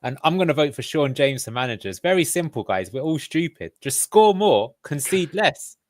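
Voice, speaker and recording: Male host, middle pitch, playful and leading, dry close recording. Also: very animated, moderate pace, no echo. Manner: jokey, leads the discussion. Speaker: podcast host. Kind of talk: casual football fan chat.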